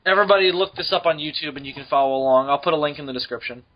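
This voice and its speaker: A man's voice: a little high, dull audio. A man co-hosting a podcast over a voice call, joking and swearing in casual comedic chat. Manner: joking, swearing, quick laughs. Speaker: podcast co-host.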